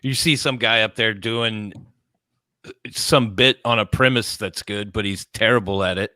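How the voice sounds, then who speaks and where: A man's voice: on the low side, moderate pace, pushed and bright, no room sound. A man co-hosting a podcast, chatting bluntly and swearing freely. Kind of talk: casual podcast chat.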